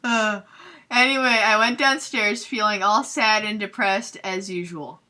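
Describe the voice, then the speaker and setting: A young woman hosting a comedic fanfiction readthrough, reading aloud with sarcastic, giggly, deadpan asides. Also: mid-range voice, measured pace.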